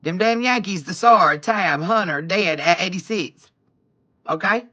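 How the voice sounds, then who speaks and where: A woman reading tarot on a live stream, excitable and exclaiming, talking to viewers as y'all. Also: lowish voice, a little slow, muffled recording. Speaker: tarot reader.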